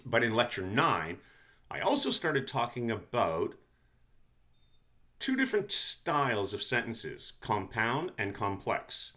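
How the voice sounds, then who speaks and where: A man's voice: medium pitch, sing-song, slow, bright, forceful tone. A male lecturer giving a conversational recorded lesson, often checking in with "okay?" and restarting his sentences.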